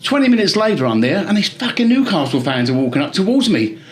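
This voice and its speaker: A middle-aged man with a London accent, co-hosting a casual football chat and telling animated stories full of swearing. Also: high voice, fast. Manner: animated storyteller, swears freely. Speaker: podcast co-host.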